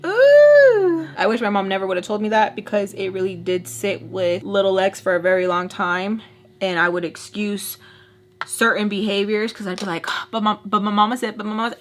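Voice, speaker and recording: A young woman telling a dramatic story while doing her makeup, acting out what people said, shifting from hushed asides to loud outbursts. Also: medium pitch. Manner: expressive storyteller, acts out quotes, switches loud and soft. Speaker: beauty vlogger telling a story.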